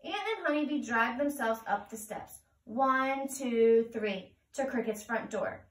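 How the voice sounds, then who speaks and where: A woman reading a picture book aloud to children in a gentle, sing-song way. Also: on the high side, a little slow, few pauses. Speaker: children's storyteller. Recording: roomy, heard from a distance.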